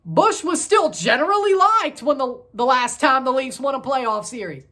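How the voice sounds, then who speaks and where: A woman in her thirties hosting a casual sports review vlog, excitable and rambling, correcting herself as she goes. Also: high voice, moderate pace. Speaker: sports channel host.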